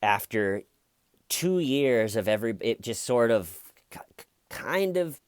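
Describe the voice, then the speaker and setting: A man's voice: medium pitch, expressive, takes it slowly, clean tone, no room sound, clean studio sound. A man talking through a true-crime story in a rambling, conversational commentary full of fillers and restarts. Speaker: commentary youtuber.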